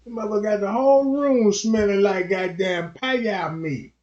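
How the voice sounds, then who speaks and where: A man's voice: high voice, normal speed, a little mellow. A man streamer telling profane, rambling comedic stories in a livestream rant. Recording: dull lo-fi stream audio.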